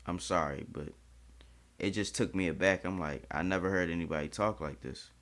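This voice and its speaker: A man's voice: low-pitched, normal speed, a bit bright. A man hosting a reaction video, chatting candidly and swearing freely as he comments.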